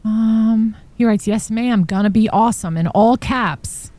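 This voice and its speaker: In a warm, higher-pitched voice and a measured pace, a woman hosts a true crime live stream, reading text messages from trial exhibits and adding shocked asides. The recording is dry.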